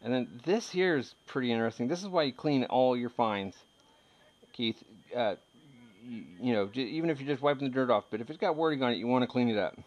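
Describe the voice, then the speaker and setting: A man in his thirties talks through his finds in an easygoing, rambling way, tossing in jokes and laughing often. His voice sits at an ordinary middle pitch. The recording sounds dull and lo-fi, like home video audio. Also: brisk. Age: 30s. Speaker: metal detecting hobbyist. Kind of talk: casual chat showing finds.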